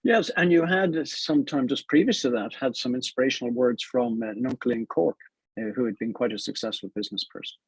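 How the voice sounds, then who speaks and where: A man's voice: mid-range voice, brisk, breathy edge, no echo, poor audio. A man hosting a radio interview show, guiding his guest along with conversational prompts. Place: radio studio.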